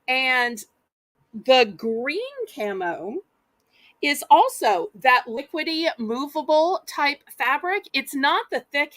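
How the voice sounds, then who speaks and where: Southern woman, live auction host, slow unhurried talk, bright clear voice, dry close sound. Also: high-pitched, no echo. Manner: chatty, folksy, addresses viewers directly. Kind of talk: live-stream auction selling.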